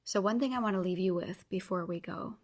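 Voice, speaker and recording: A brisk, medium-pitched woman in her thirties hosts a motivational podcast. She addresses listeners directly and earnestly, cheering them on while issuing a challenge.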